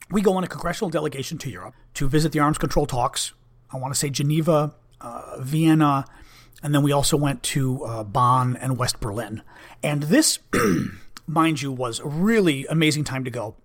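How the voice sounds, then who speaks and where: Brief: blunt, conversational man in his fifties, slightly higher-pitched voice, storytelling to camera. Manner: candid, conversational, with fillers and restarts, blunt language. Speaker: vlogger, former Senate staffer. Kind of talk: casual storytelling monologue.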